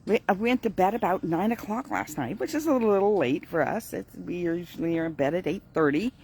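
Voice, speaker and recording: A woman's voice: on the low side, lively intonation, a little fast, mellow, slightly rough. An older woman, a grandmother, talking casually and tiredly in her morning vlog, chatty and digressive, often breaking into laughter. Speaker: vlogger.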